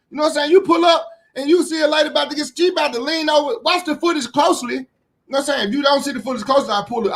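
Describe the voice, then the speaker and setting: A man giving casual reaction commentary, blunt and heated, repeating himself, swearing freely and rising to shouts when indignant. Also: extremely high pitch.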